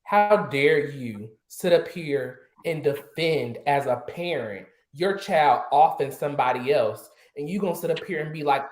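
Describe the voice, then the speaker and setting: A man's voice: on the high side, unhurried, hardly any pauses, slight background noise. A man on an online panel, ranting in heated indignation and firing off rhetorical questions. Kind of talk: impassioned online panel talk. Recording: roomy echo.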